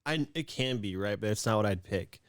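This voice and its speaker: A man's voice: fairly low pitch, expressive, a little fast, no room sound, clean studio sound. A man co-hosting a podcast, chatting casually, musing aloud and restarting his thoughts. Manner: musing, self-deprecating, trails off and restarts. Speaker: podcast co-host. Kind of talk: casual chat.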